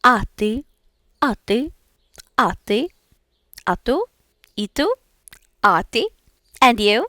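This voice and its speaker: A woman's voice: on the high side, expressive, slow, pauses often, pushed and bright, no echo, clean studio sound. A young woman learning languages, repeating practice words aloud and chatting casually with fillers.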